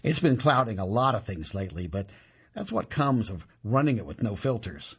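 A man narrating a gritty first-person story in an expressive way, moving from punchy to hushed, on a dull lo-fi recording. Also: on the low side, fairly quick, slightly rough.

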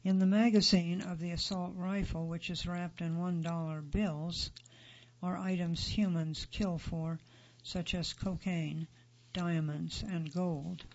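A man narrating a magazine feature in a steady, neutral read-aloud delivery. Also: sits high, slow pace, lo-fi sound. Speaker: article narrator.

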